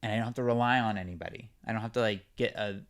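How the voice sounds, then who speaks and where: Smooth-voiced young Californian man, chatty. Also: on the low side, fairly even intonation, rapid-fire. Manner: rambling, many fillers, chatty. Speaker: podcast guest, actor. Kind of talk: casual interview chat.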